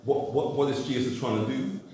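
A man's voice: mid-range voice, lively intonation, fairly quick. A man preaching a sermon, asking the congregation questions and acting out everyday scenes. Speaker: pastor. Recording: echoey distant room mic with noise.

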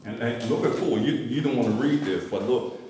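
A man's voice: mid-range voice, a little fast, dark tone. A man preaching a sermon, asking the congregation questions and acting out everyday scenes. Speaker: pastor. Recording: echoey distant room mic with noise.

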